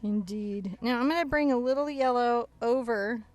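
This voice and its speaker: A woman's voice: fairly high pitch, fairly even intonation, brisk, darkish tone, no echo, faint music behind. Chatty woman teaching painting live. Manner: chatty, playful, giggly, step-by-step guidance. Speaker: painting instructor and host. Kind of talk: live painting tutorial chat. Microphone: new headset-style mic.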